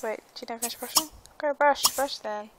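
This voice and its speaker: A woman's voice: on the high side, fast talker, very noisy. A woman hosting a let's play, chatting casually about her game, giggly and often tripping over her words. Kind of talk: casual gameplay commentary.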